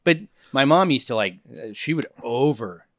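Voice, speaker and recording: A man in his fifties chats loosely on a podcast, rambling and hunting for words between laughs. His voice sits at an ordinary middle pitch. The sound is close and dry, with no room around it. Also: animated, normal speed, no room sound. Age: 50s. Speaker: guest comedian. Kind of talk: casual podcast chat. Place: podcast studio.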